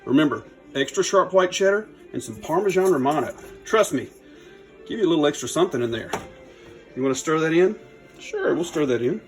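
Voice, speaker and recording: A man's voice: fairly high pitch, lively intonation, fairly quick, soft background music. A man, chatting in a folksy, upbeat way while demonstrating a recipe in his home kitchen. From Louisiana. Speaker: cooking channel host. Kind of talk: casual cooking demo.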